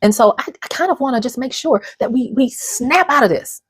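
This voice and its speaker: A channel host in her fifties speaks earnestly to camera in an emotional motivational talk, at times near tears. Her high-pitched voice has lively intonation and a slight roughness, moving a little fast. The recording is dry.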